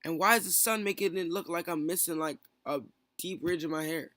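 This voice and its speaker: A young man streams his frustration in a heated callout vlog, piling up fillers and rhetorical questions. His voice sits high and bright, and the recording is close and dry with no room sound. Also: dry recording. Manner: heated, rapid rant full of fillers.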